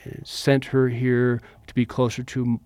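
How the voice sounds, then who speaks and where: A man's voice: mid-range voice, completely flat delivery, a little slow, darkish tone, dry recording. Man, middle-aged, casual storyteller, acts out quotes, dry close sound. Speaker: interviewee, former bodyguard.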